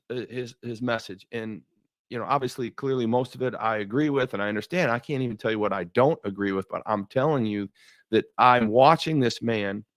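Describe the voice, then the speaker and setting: A man hosting a faith-based talk show, telling stories in an animated way, often repeating words and laughing. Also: medium pitch, dry recording, studio quality. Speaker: show host.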